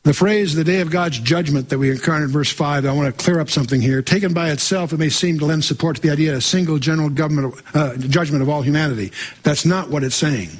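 A man teaches verse by verse through the Bible, reading scripture aloud and interrupting himself with wry asides and quiz questions for his listeners. His voice is a little high and fast.

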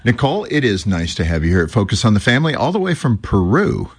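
Low husky man hosting a talk show. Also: very animated, quick pace. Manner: earnest, reflective storytelling. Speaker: radio show host. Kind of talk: conversational radio interview.

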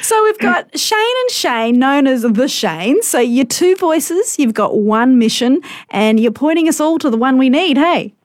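Woman, radio co-host, casual interview, high lively voice, slow delivery. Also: dry recording, studio quality.

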